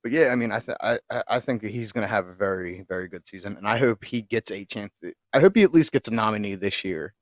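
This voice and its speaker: A man co-hosting a sports podcast talks quickly with lively intonation and almost no pauses, his voice on the lower side. He rambles loosely, restarts often, and swears casually, with no room sound in the recording.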